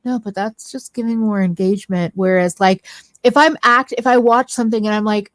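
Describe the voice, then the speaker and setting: A woman's voice: mid-range voice, fairly quick, dry recording. A woman chatting casually on a makeup livestream, rambling and correcting herself as she goes. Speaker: co-host of a beauty livestream. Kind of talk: casual chat about makeup.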